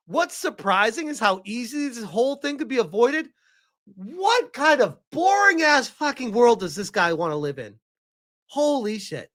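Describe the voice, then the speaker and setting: A man's voice: very high-pitched, sing-song, normal speed, fairly bright tone. A man giving heated, profane reaction commentary, reading article quotes aloud between his own remarks.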